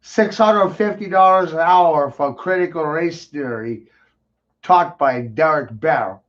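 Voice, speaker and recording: A man's voice: fairly high pitch, slow. Swearing ranting man, lo-fi sound. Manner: crude, swearing, mocking rants with sudden loud outbursts. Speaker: show host. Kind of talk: profane ranting talk show.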